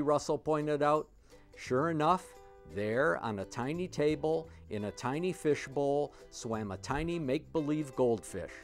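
Male storyteller, lively children's book narration, soft music under. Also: fairly high pitch, a little slow. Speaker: storybook reader. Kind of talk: reading a children's picture book aloud.

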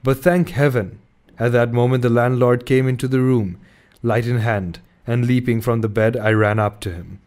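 A man's voice: medium pitch, steady tone, a little mellow. Man reading a classic novel aloud. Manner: measured narration with small slips. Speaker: audiobook reader.

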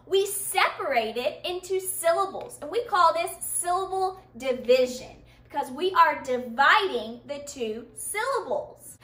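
A woman's voice: sits high, pushed and bright, roomy sound, recorded from a distance. A woman teaching children a phonics lesson, asking the class questions and answering them herself with encouragement.

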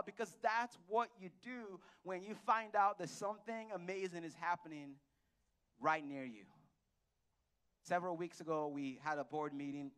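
A man with a notably high voice delivers a conversational sermon in a church. He tells stories with acted-out dialogue and quizzes the congregation. His delivery is lively and informal. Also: measured pace. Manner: animated, storytelling with acted-out dialogue and audience questions. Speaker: pastor. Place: church hall.

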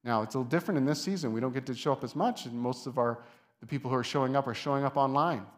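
Pastor guy giving a chatty sermon in church, mid voice, gets louder on the big points. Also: medium pitch, very fast. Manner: conversational, with soft asides and lifted emphasis. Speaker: lead pastor. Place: church sanctuary.

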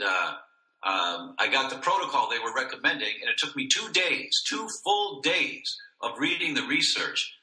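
Earnest guy telling a story on a podcast, really bright voice, echoey room. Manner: earnest, acts out the dialogue, rises and falls in pitch. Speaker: podcast guest. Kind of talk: emotional storytelling in an interview.

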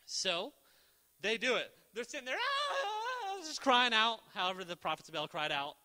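A young man with a high, very bright voice gives a casual, jokey sermon, telling Bible stories with animated energy and slipping into quick voices for the characters. The sound rings with the long reverb of a church hall. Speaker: preacher.

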